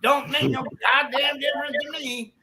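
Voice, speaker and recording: A man voicing a brash, foul-mouthed, arrogant man on a boat who shouts crudely and cockily. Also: very high voice, level tone, moderate pace, background noise, voice pushed up.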